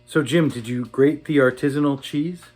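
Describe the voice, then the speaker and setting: A man's voice: medium pitch, steady tone, normal speed, a little mellow, soft background music. A man co-hosting a cooking show, trading goofy, teasing banter with his partner. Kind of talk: casual cooking chat.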